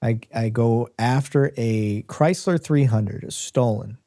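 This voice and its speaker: Animated male podcast host, mellow voice. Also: mid-range voice, takes it slowly, dry recording, clean studio sound. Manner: animated, laughing while telling a story. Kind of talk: casual storytelling on a live podcast.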